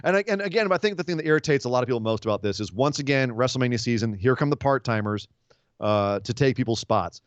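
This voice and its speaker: A man's voice: medium pitch, lively intonation, fast, clean tone, no room sound, highs cut off. A man co-hosting a wrestling podcast, sarcastic and profane, slipping into mocking impressions as he recaps. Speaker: podcast co-host. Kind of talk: casual wrestling podcast chat. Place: home studio in Los Angeles.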